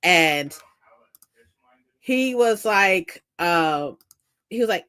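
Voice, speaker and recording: Young adult woman, casual livestream chat, blunt, swears freely, laughs a lot, animated voice. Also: mid-range voice, normal speed. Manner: acts out both sides of workplace arguments. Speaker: book streamer.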